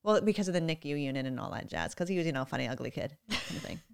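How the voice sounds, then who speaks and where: Woman host, low voice, talks fast, wry little comments. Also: lively intonation, vocal fry, clear, resonant tone. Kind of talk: casual chat.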